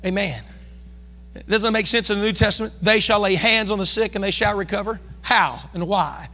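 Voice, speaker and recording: A man preaching a fervent sermon, calling on his congregation to respond and breaking into shouts. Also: high voice, normal speed, long reverb tail, soft background music. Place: church sanctuary.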